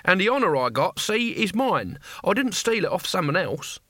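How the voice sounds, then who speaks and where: A male narrator voicing a blunt, gruff old barbarian leader. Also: on the high side, expressive, bright, forceful tone, dry recording, clean studio sound, exaggerated voice. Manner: blunt, slow and matter-of-fact.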